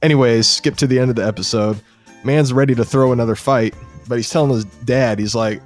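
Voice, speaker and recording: A young man with an ordinary mid-range voice tells a story in casual podcast chat. He is excited and profane, piling on slang and restarts as he rushes through the plot. Faint music plays behind him. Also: mid-range voice. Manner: excited, profane retelling of a show episode. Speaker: podcast host.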